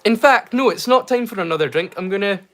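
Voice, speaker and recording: A man's voice: sits high, expressive, quick pace, noisy background. A man with a Scottish accent, hosting a casual livestream and chatting in a rambling way, full of restarts and slang. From Scotland. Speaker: livestream host. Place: home in rural Scotland.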